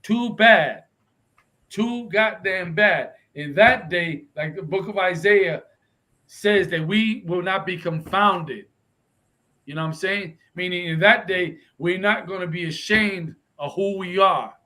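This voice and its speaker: A man's voice: high-pitched, measured pace, sharp tone, poor audio. A man teaching a confrontational Bible lesson, pressing listeners with repeated "right?" and switching between English and Spanish. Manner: emphatic, keeps asking "right?" for agreement. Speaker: religious instructor.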